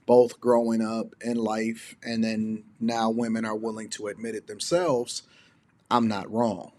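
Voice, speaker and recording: Male host with a mid-pitched voice, blunt and emphatic commentary, keeps repeating his points.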